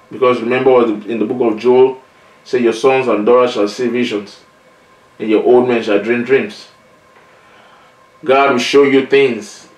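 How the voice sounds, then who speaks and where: A male evangelist preaching a sermon in an earnest, conversational way, often adding "you know" and "man". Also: mid-range voice. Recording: roomy, echoey sound from a distance.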